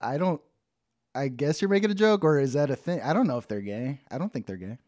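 A man's voice: fairly high pitch, animated, a little fast, a little mellow, no echo, studio quality. A man co-hosting a podcast in casual chat who rambles, restarts his sentences and laughs often. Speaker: podcast co-host.

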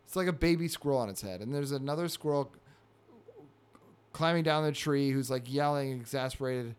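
A man's voice: medium pitch, brisk, clean tone. A man co-hosting a podcast, describing comic panels aloud in a casual, playful chat. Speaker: podcast co-host.

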